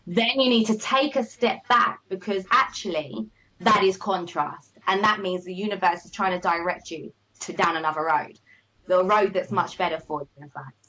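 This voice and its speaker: A woman's voice: medium pitch, normal speed. A woman, a business coach, talking emphatically in a motivational conversation and checking in with "all right?", on slightly muffled lo-fi audio. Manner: animated, emphatic, repeats "all right?" and "okay?".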